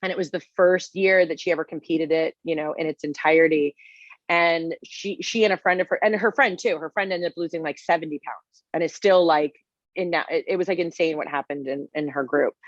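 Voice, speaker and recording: A woman's voice: deep voice, normal speed, no echo, lo-fi sound. A woman in her forties, a guest chef, telling stories in a casual interview with lots of fillers. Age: 40s. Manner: animated storytelling with many fillers.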